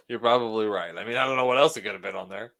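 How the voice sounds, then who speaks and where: A man's voice: lowish voice, vocal fry, a bit bright. A man co-hosting a casual wrestling podcast, joking, swearing freely and laughing often. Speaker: podcast co-host. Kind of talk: casual chat watching wrestling.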